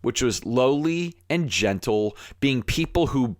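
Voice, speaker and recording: A man hosting a podcast, talking in an earnest, conversational way, with fillers and restarts, sometimes growing fired up and animated. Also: mid-range voice, slow pace, no echo, clean studio sound. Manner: rising to animated emphasis when fired up. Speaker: podcast host. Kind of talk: impassioned podcast monologue.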